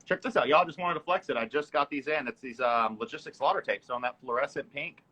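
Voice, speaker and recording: A man's voice: mid-range voice, fast talker, pushed and bright, poor audio. A young man in casual chat, laid-back, with lots of filler words and easy laughs.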